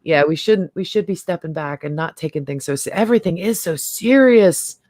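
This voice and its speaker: Chatty low-voiced woman host. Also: lively intonation, brisk, a little mellow, no room sound, clean studio sound. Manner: chatty, laughs often, trails off and restarts. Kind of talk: casual group chat on a livestream.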